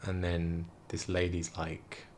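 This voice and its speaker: A tired young man, quietly rambling through a casual story late at night in a vlog. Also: low voice, completely flat delivery, takes it slowly, slight background noise. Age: young adult. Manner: hushed, quiet, rambling talk. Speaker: vlogger. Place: room indoors at night.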